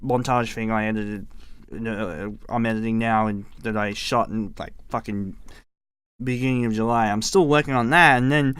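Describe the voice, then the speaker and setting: A young man chatting on a casual podcast, laid-back and loose with his swearing, laughing often. His voice is smooth and resonant, and the recording is dry and close, with no room sound. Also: lowish voice, steady tone, normal speed, a bit bright, no room sound. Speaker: podcast co-host. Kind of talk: casual uncensored chat.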